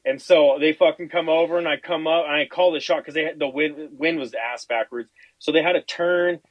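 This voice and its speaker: A man hosting a podcast, telling a hunting story in casual, profane, animated chat, acting out the quotes. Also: fairly high pitch, fairly quick, no echo, muffled recording. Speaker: podcast host.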